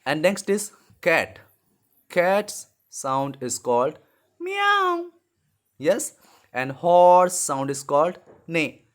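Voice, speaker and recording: Man, children's teacher, slightly high voice, patient, repetitive. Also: slow pace. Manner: patient, repeats words, animated sound-making. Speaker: English teacher. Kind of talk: slow lesson for young children.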